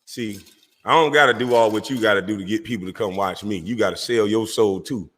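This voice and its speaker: Taunting man ranting with a bright edge. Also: fairly low pitch, fairly quick, long reverb tail. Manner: confrontational, taunting, mocking. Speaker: online show host. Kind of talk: heated livestream rant.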